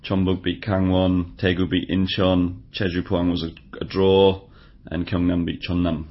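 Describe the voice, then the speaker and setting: A man with a low voice co-hosts a casual football podcast, going over results at a moderate pace in a level tone full of dry, wry understatement. The recording has dull, lo-fi podcast quality.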